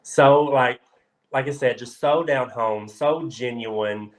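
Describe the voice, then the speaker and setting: A man from Kentucky, a guest on a casual talk show, telling stories in an excitable, animated way. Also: mid-range voice, slow pace, poor audio. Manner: excitable, animated storyteller with frequent filler "like". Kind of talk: casual chat, storytelling.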